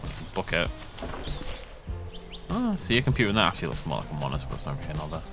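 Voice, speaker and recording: A man talking through a cozy game, joking and poking fun at himself. His pitch jumps around a lot. Faint game music sits behind him. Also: huge pitch swings, racing. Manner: joking, self-mocking. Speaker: let's play gamer. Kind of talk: casual gameplay commentary.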